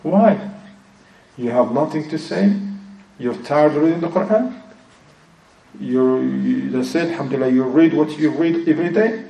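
An Islamic teacher explains a religious text in English with a non-native accent, repeatedly turning to Arabic phrases and recitation. His voice is a little high, dark, and gravelly, unhurried, with long pauses. The recording is echoey and distant.

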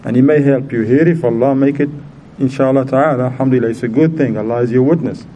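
Man, religious teacher, storytelling, quizzes listeners, acts out voices, mellow tone, faint background hiss. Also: medium pitch, quick pace, dull audio. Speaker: Islamic teacher. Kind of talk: informal religious lesson.

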